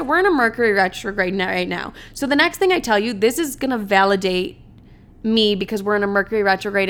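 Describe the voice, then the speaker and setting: Smooth-voiced young woman, chatty and dramatic. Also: mid-range voice, fairly bright tone. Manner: chatty, dramatic, swears freely, many fillers. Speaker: podcast host. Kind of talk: casual solo chat.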